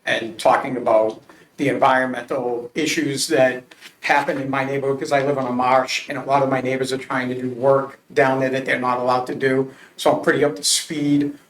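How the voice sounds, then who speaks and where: A man's voice: medium pitch, flat delivery, fairly quick, slight background noise. A man from Massachusetts answering a council committee's interview questions, earnest and emphatic, telling stories with frequent restarts. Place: council chamber. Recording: roomy public meeting audio.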